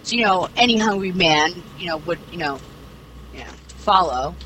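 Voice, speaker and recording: A woman's voice: on the low side, animated, moderate pace. Rambling young woman, noisy recording. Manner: rambling, heavy fillers, swears casually. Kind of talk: casual chat, retelling a series plot. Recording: clear background noise.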